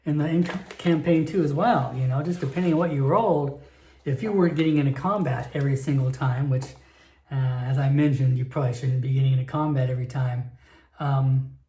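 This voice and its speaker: A man's voice: medium pitch, fairly quick, mellow. A man playing a solo tabletop game and narrating it in a rambling, chatty way, full of fillers and restarts, recorded in an echoey room.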